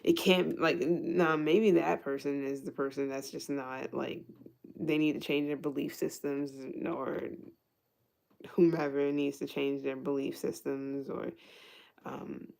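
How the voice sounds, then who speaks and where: A woman's voice: deep voice, flat delivery, a little slow, gravelly, darkish tone. A woman giving a casual tarot reading who thinks aloud, restarts her sentences, swears freely and laughs often. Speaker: tarot reader.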